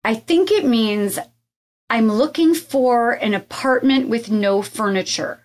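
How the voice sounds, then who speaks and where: A woman in her forties co-hosting a podcast, chatting playfully and telling stories with quick laughs. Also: fairly high pitch. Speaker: podcast co-host. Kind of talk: casual chat.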